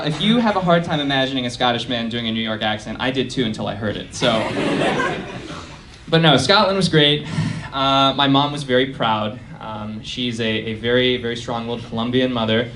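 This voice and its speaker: A young man doing a stand-up set at a college venue, deadpan and self-deprecating, with lots of fillers. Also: medium pitch, background noise. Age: young adult. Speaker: stand-up comedian. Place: college performance space.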